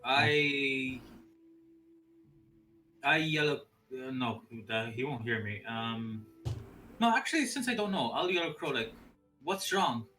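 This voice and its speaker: A man playing a tabletop role-playing game, speaking hesitantly and deliberately with restarts. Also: mid-range voice, expressive, sharp tone, faint music behind, low-quality recording. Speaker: player.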